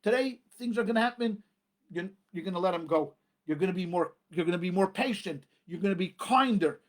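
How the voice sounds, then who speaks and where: A man, a rabbi, preaching a sermon with emphatic repetition and dramatic pauses. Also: high voice, animated.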